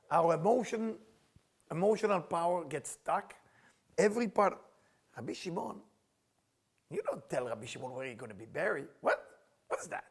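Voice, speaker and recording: A middle-aged man lectures a spiritual class in English that is not his first language. His voice sits high and sounds husky, and his pitch swings widely as he acts out the people he quotes. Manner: non-native English phrasing. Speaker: Kabbalah teacher.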